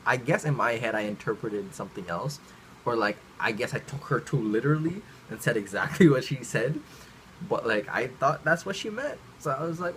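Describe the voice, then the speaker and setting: A Canadian man, a vlogger, telling a childhood story in a lively way and laughing between lines. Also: medium pitch, normal speed, a little hiss or hum, low-quality recording. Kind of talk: storytime vlog.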